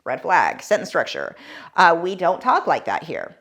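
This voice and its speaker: A woman's voice: fairly low pitch, huge pitch swings, moderate pace, creaky, fairly bright tone. A woman giving casual, sarcastic commentary while reading scam messages aloud. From United States. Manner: sarcastic, wry asides. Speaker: art YouTuber.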